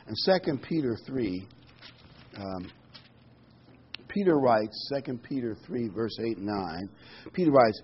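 A man's voice: medium pitch, animated, measured pace, pauses often, breathy edge, muffled recording. A middle-aged man giving a casual sermon, reading scripture and musing aloud with frequent ums and restarts. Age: middle-aged or older. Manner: conversational, rambling, many ums and restarts. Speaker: preacher.

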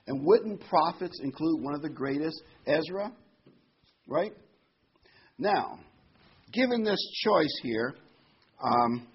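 A man preaching a sermon, reading scripture slowly and telling folksy jokes. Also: fairly high pitch, very animated, husky, muffled recording. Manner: folksy, reads scripture slowly, laughs at his own jokes.

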